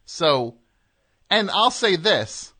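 Brief: male call-in host, dry and skeptical, slow delivery with a lively pitch. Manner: dry, skeptical, short replies. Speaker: radio host. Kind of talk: comedic call-in radio.

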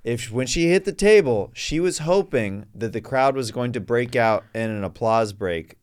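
A man's voice: medium pitch, animated, normal speed, smooth. A man guesting on a comedy podcast, joking and riffing casually on the stories of others.

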